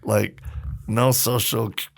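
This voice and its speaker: Gravelly man telling animated stories. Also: fairly low pitch, slow pace. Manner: animated storyteller acting out quotes. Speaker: podcast guest. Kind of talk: casual storytelling interview.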